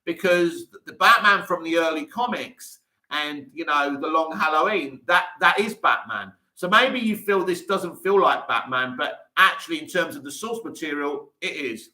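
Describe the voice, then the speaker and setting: A man's voice: on the high side, animated, moderate pace, sharp tone. A man hosting a casual live chat, reading out viewer comments and answering them with enthusiasm and frequent restarts. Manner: enthusiastic, talks in restarts and asides. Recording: echoey room.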